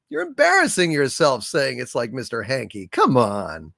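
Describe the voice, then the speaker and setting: A man's voice: mid-range voice, huge pitch swings, moderate pace, creaky, fairly bright tone, no echo, clean studio sound. A man hosting a livestream, reading viewer comments in rambling, plain-spoken casual chat, congested from allergies. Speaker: livestream host.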